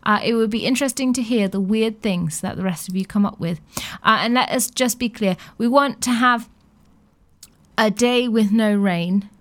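A young woman hosting a radio show, chatting in a playful, easygoing way between songs. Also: medium pitch. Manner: chatty and playful, with light laughs. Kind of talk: casual radio chat.

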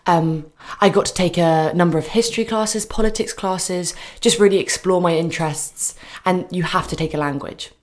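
A young British woman speaks with a slightly low pitch and lively delivery. She tells stories eagerly and fills the gaps with little ums. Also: normal speed, few pauses. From Britain. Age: young adult. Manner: animated storytelling, frequent fillers. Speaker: guest, student athlete. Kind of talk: casual radio chat.

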